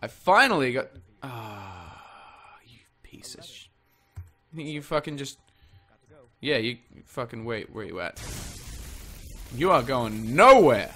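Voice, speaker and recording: A man's voice: medium pitch, bright, forceful tone. A man giving rambling, jokey let's-play commentary, swearing freely as he plays. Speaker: gaming channel host.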